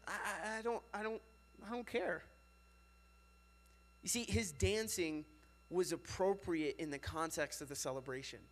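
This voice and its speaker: Here a high-voiced young man, a youth pastor, speaks to a youth group with animated energy. His preaching style is easygoing and chatty, and casual filler words crop up throughout his sentences.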